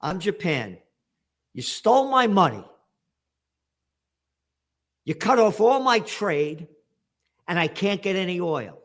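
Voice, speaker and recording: A man's voice: high voice, big pitch swings, slow pace, pauses often, a bit bright, full character voice. A man acting out a wronged country as an indignant, complaining speaker. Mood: aggrieved.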